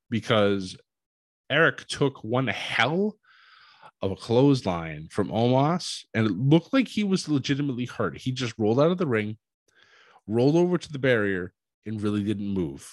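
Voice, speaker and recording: A man recapping a wrestling show in a casual, animated storytelling way, acting out what people said. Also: mid-range voice, a little slow, no echo. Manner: animated storytelling, acts out quotes.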